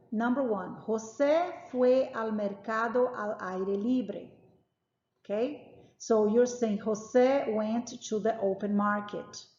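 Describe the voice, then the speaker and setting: A woman teaching a language lesson, explaining grammar patiently and emphatically and repeating each example. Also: a little high. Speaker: Spanish teacher. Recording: roomy, echoey, dull lo-fi sound.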